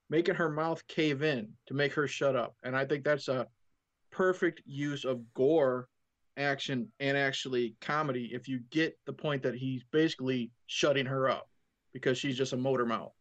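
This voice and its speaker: Eager man with a dull lo-fi sound. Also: medium pitch. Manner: enthusiastic, recounts scenes in detail. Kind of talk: casual film discussion.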